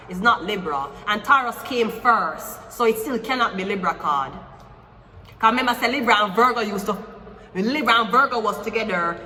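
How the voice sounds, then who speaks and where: A woman's voice: fairly high pitch, bright, forceful tone, a little hiss or hum. A woman giving a casual tarot reading in a playful, teasing and rambling way, with frequent swearing. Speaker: tarot reader. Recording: echoey room with long reverb.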